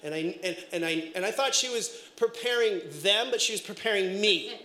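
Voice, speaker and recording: A middle-aged man preaching a sermon as pastor, telling family stories in an animated way with bursts of shouting. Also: high-pitched, normal speed. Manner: animated storytelling, breaks into shouts and laughter. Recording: echoey room.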